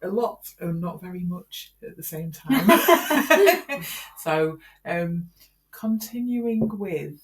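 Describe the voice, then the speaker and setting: A woman's voice: on the low side, animated, slow pace. A middle-aged woman chatting casually as a podcast co-host, rambling with frequent laughter. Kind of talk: casual chat.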